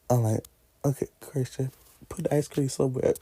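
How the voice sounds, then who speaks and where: Young man vlogger, husky and dark-toned, animated, laughs, talks back at characters. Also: mid-range voice, brisk. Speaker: vlogger ranking favorite movies. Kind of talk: casual chat.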